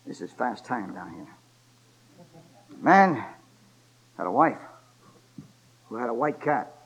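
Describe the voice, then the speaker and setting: A man in his seventies preaching a sermon in a folksy, joking way, telling stories and building up to loud exhortation. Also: medium pitch, big pitch swings, slow pace, poor audio. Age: 70s.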